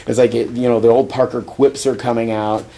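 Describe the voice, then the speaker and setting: A man hosting a podcast, loosely recapping a comic book plot with many fillers, chuckling and slipping into quick character voices. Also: mid-range voice, flat delivery, dark tone, slight background noise. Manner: rambling, acts out quotes, chuckles often. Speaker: podcast host. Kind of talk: casual comic book review chat.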